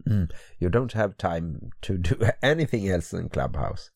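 A man with a Swedish accent, Swedish his first language, co-hosting a podcast in English, groggy from just waking up and halting and hesitant with the language. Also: deep voice, sing-song, vocal fry, a little mellow, dry recording, studio quality. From Sweden. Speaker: podcast co-host. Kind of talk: casual podcast chat. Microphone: podcast microphone.

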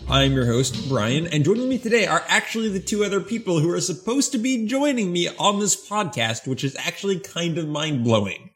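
Man, podcast host, casual chat, playful, laughs often, animated pitch. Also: faint music behind. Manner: playful, laughs often, deliberate awkward pauses.

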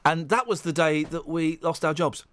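A man's voice: a little high, normal speed, fairly bright tone, a little hiss or hum. A man hosting a radio show podcast, bantering and teasing his colleagues in a cheeky, self-mocking way from the studio. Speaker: radio presenter.

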